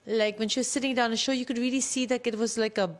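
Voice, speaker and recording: A woman's voice: a little high, fairly even intonation, fast. A woman who works as a skin doctor, explaining treatments plainly in a casual radio chat.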